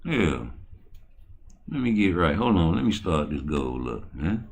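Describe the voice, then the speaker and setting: A man hosting his own channel, talking in a profane, boisterous, rambling way that swings between low mutters and loud excited bursts. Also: unhurried, vocal fry, slight background noise. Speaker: channel host. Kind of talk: rambling livestream talk.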